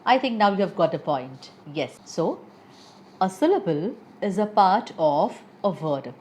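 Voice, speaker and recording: A woman teaching an English pronunciation lesson, reading out example words slowly and carefully, often saying each one twice. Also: on the low side, big pitch swings, darkish tone, slight background noise.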